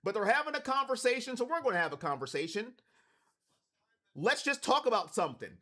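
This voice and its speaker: A man's voice: extremely high pitch, animated, brisk. A man from Cleveland hosting a live watch party stream, calling plays and talking to his chat. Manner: hypes chat, shouts on big plays.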